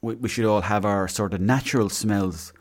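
Rambling Irish man with a lowish voice. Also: moderate pace. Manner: rambling, self-mocking and chatty. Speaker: podcast host. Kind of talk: casual solo podcast chat.

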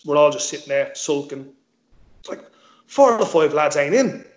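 A man's voice: on the high side, expressive, normal speed, echoey room. A man casually telling a football story, swearing freely and acting out the dialogue. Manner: swears freely, tells stories with quoted dialogue. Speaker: former footballer guest.

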